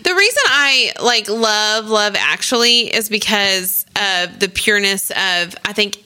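A woman's voice: medium pitch, animated, unhurried, bright, forceful tone. A woman casually chatting as a podcast co-host, gushing enthusiastically about a favorite movie.

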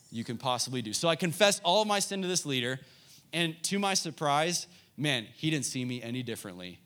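A man's voice: mid-range voice, a bit bright. Earnest young man preaching to youth. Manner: earnest, personal storytelling. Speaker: youth pastor. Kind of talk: sermon.

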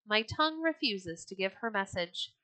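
A woman voicing a cautious older Viking counselor who speaks in a solemn, measured way. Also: mid-range voice, lively intonation, pushed and bright, clear, resonant tone, no room sound.

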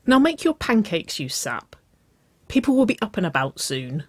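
Playful young woman put on by a storyteller, high squeals, breathless giggles, dry close sound. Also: big pitch swings, moderate pace, husky, no room sound. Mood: teasing.

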